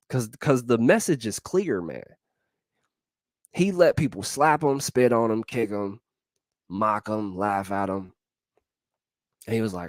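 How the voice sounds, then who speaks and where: A man's voice: medium pitch, lively intonation, slow pace, long pauses, dry recording. A man giving a casual motivational talk as host, in slangy speech that repeats its phrases and breaks into laughs between points.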